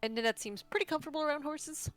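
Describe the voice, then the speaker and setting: A woman player jokes playfully around the table in a tabletop game. Her voice sits a little high, with faint music in the background. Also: rapid-fire. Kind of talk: casual chat in a tabletop game.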